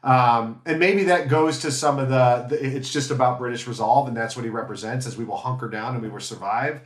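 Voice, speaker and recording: A man's voice: medium pitch, fairly quick. A man guesting on a film podcast, talking casually and hesitantly as he searches for his words. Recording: roomy echo.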